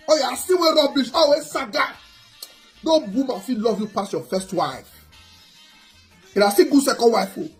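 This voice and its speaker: A Nigerian woman hosting a gossip channel, talking in an animated, excitable way. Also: high voice. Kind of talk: animated casual commentary.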